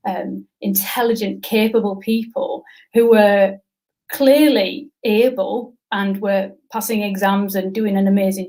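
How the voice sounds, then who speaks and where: A woman's voice: medium pitch, a little mellow, rough recording. Thoughtful woman coach. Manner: thoughtful, many restarts and fillers. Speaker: guest coach and career consultant. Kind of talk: conversational expert interview.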